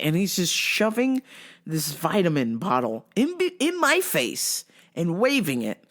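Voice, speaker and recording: Animated, profane woman telling stories. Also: fairly low pitch, a little slow. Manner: profane, animated, laughs often. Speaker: host. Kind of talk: comic storytelling.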